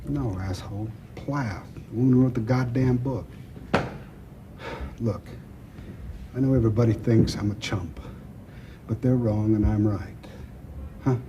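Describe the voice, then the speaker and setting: An actor playing a gruff older male crime boss who talks bluntly, with profanity and dry teasing. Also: fairly low pitch, measured pace, long pauses, muffled recording, noisy background, lightly acted. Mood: bantering. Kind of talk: film drama acting.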